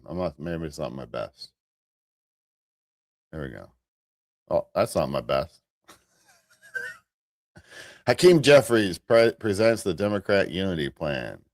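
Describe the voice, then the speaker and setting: A man's voice: sits low, a little mellow, no room sound, studio quality. An American man hosting a live morning commentary show, rambling casually with restarts and chuckling at himself.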